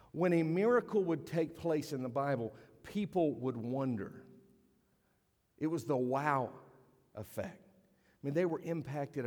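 Animated preacher in an echoing hall. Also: male voice, fairly high pitch. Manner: animated storytelling, acts out quoted voices. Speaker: pastor. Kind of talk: sermon. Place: church sanctuary.

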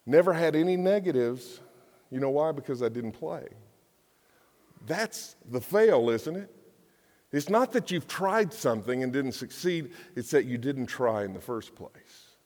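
A man's voice: medium pitch, expressive, unhurried, a little mellow. Man preaching in an echoey hall. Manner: conversational, jokey, acts out quotes in voices. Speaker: pastor. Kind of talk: sermon. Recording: long hall reverb.

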